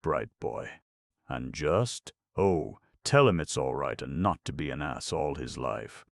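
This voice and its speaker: Storybook gent: man playing a gruff, blunt friend; very deep, dry. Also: animated, a little slow, no room sound, full character voice. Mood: chatty.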